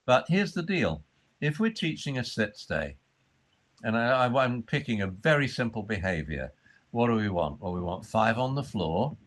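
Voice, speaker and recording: A man explaining dog training in a conversation, acting out the voices he uses with dogs. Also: moderate pace. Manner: acts out high fussy voices and low calm commands.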